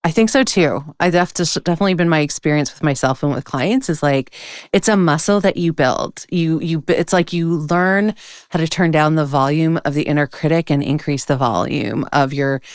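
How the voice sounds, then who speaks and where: A woman hosting a podcast, with a deep, smooth, resonant voice. She asks questions in a thoughtful, conversational way. The recording is dry and close-miked. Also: moderate pace, no echo. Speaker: podcast host. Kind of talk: conversational interview.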